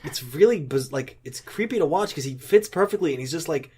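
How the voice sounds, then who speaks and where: A man's voice: fairly high pitch, animated, brisk, a little mellow, slightly rough. A man co-hosting a podcast, casually retelling a story in a loose, profane way and acting out the characters' lines. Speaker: podcast co-host.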